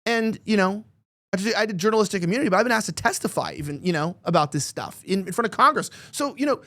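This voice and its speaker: A man's voice: sits high, animated, quick pace, a bit bright. A man hosting a political commentary show, talking emphatically and rambling, often repeating words as he gets worked up.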